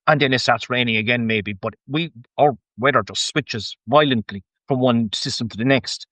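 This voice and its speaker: A man's voice: medium pitch, normal speed, no room sound. An Irish man who farms, telling an anecdote as a podcast guest and acting out what people said to him. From Ireland. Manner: animated anecdote-telling, acts out quoted speech, chuckles often. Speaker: guest farmer. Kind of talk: casual storytelling interview.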